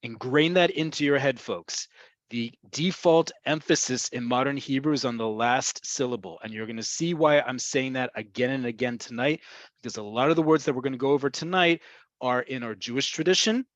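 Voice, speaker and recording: A man's voice: medium pitch, a little fast, no room sound. A man teaching a webinar lesson on Hebrew words, explaining patiently and repeating key points for learners. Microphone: video call. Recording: dry, dull video-call audio.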